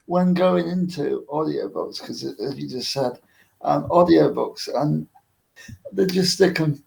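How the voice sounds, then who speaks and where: A man hosting a book club interview, asking halting questions with fillers. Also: on the high side, vocal fry, a little mellow, low-quality recording. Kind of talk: casual interview conversation.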